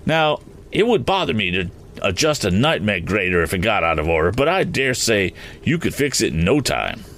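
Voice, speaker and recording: A man voicing an excitable, eccentric gentleman motorist who rambles and keeps exclaiming fussy oaths in a storybook reading. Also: lowish voice, normal speed. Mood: excited.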